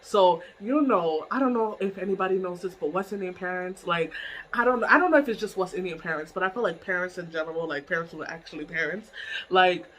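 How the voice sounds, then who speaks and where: A woman telling a story in a casual vlog from her bedroom. She is animated, laughs often and swears freely. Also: fairly low pitch, fast talker, low-quality recording.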